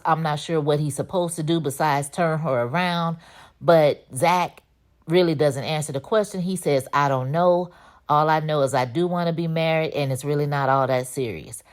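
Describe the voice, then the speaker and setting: A woman hosting a casual TV episode recap, telling it in a slangy, conversational way and acting out the characters' lines with lively jumps in her voice. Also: moderate pace. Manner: animated, acts out characters' lines with pitch jumps. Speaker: TV recap host.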